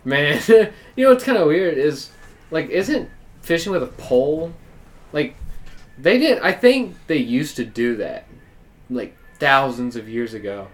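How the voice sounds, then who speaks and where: A man co-hosting a casual podcast, telling rambling stories with loose, expressive delivery. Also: on the high side, a little slow. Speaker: podcast co-host.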